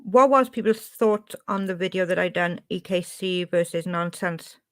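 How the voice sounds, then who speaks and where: A woman's voice: on the low side, normal speed. Chatty Welsh woman streaming live. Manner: chatty, reads and answers chat. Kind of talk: casual live-stream chat.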